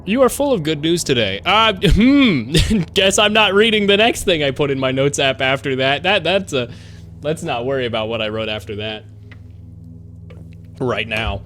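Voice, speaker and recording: A man chatting casually to his live-stream audience, rambling and excitable, swearing freely. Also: a little high, moderate pace, slight background noise.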